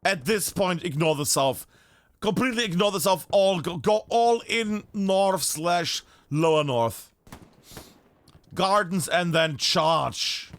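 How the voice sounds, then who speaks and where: German man, high-pitched voice, live game commentary, chatty and animated, gunfire behind. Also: slow, no echo. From northern Bavaria, Germany. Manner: chatty, animated, swears casually. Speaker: esports caster.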